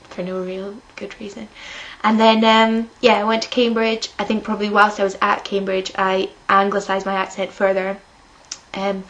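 A young woman from Edinburgh with a slightly lilting Scottish accent, unhurried and soft-spoken, reading a passage and then talking with some hesitation. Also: mid-range voice, low-quality recording. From Scotland. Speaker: accent study speaker.

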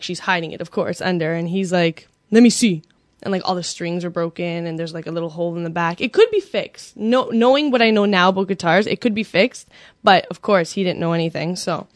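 A woman's voice: mid-range voice, no echo. Casual woman storyteller from Canada, chatty, giggly, filler-heavy, dry close sound. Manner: chatty, laughs often, many "like"s and fillers.

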